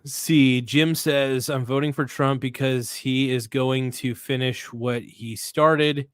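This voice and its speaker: A man's voice: medium pitch, steady tone, slow, smooth, dry recording, clean studio sound. A man hosting a casual livestream, talking bluntly with slang and swearing, reading viewer comments aloud and rambling through restarts. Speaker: livestream host.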